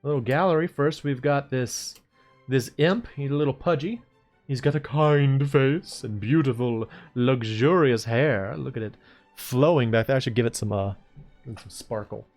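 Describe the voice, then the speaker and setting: Chill guy rambling while he sketches, mid pitched, faint music behind. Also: measured pace, a little mellow. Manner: rambling, laid-back, chuckling to himself. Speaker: streamer. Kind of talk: casual chat while drawing.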